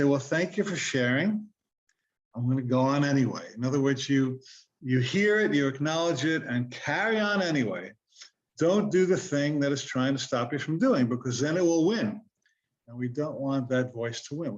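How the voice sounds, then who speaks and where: A man's voice: mid-range voice, expressive, moderate pace, muffled recording. A man giving an earnest, conversational motivational talk, asking his listeners rhetorical questions. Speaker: self-help speaker.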